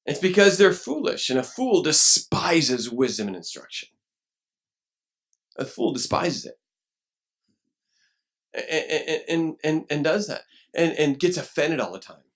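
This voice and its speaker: A pastor preaching a lively sermon, acting out quoted voices and now and then rising to a shout. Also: male voice, on the high side, measured pace, long pauses. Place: church.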